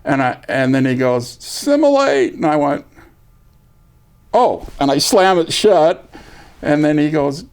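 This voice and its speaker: A man's voice: fairly high pitch, normal speed, clean tone. An older veteran in an oral history interview, telling his story with energy and acting out other people's lines. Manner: lively storyteller, acts out quoted voices.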